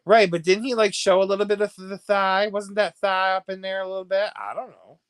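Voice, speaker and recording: American man, livestream host, gossipy casual chat, slightly high voice, dry close recording. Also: flat delivery, fairly quick, clean tone, dry recording. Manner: chatty, gossipy, laughs often, swings from hushed to loud. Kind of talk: casual chat reacting to viewer comments.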